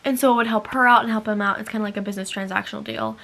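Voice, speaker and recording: Young woman gushing about books, excited, says like a lot, fry-heavy. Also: on the high side, racing. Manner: bubbly and excitable, full of "like". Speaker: book vlogger. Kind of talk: casual chat.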